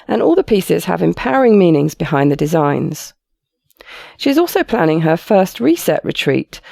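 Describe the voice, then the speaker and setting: Gravelly, lively-voiced woman podcast host. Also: fairly low pitch, no echo, clean studio sound. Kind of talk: podcast intro and interview.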